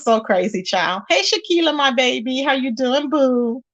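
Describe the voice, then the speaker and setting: A high-pitched woman hosting a gossip livestream in a casual, talkative way. She stays emphatic and greets her viewers by name between points. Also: normal speed, few pauses, fairly bright tone. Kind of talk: casual live-stream chat.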